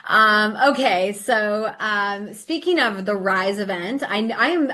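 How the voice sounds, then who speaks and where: A woman's voice: mid-range voice, fairly bright tone. A middle-aged woman hosting an interview podcast, effusive, enthusiastic and motivational in casual chat. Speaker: podcast host and coach.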